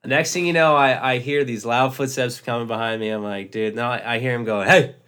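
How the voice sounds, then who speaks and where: A man's voice: medium pitch, steady tone, a little fast, fairly bright tone, clean tone. A man in his twenties co-hosting a podcast, chatting casually, laid-back and swearing as he tells a story. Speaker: podcast co-host.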